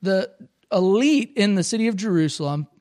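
A man with a notably high voice preaches a sermon at a church service. He teaches in a relaxed, conversational way, going back over each point so the congregation can follow. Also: moderate pace. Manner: conversational, explanatory, repeats points for emphasis. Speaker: pastor.

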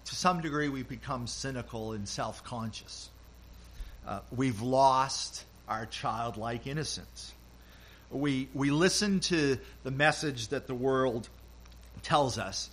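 An older man, a grandfather, giving a sermon as pastor, speaking gently and acting out short quoted lines. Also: medium pitch. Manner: slow, gentle storytelling with quoted voices.

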